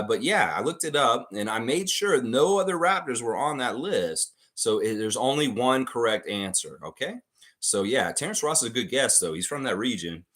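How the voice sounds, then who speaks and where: A man's voice: fairly low pitch, a bit bright. A man hosting a live trivia stream, reading out questions and answering the chat as he goes.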